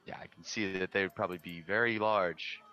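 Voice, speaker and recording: A man's voice: low voice, brisk, no echo, faint music behind. A man playing a tabletop game, asking curious questions in character. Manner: curious, asks many questions, lively. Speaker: player.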